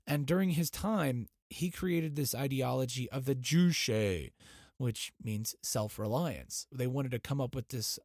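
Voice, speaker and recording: A young man hosting a podcast, ranting in a profane, mocking way that swings from loud outbursts to low muttering. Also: animated, unhurried, dry recording, studio quality. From United States. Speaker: podcast host. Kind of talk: profane comedic rant.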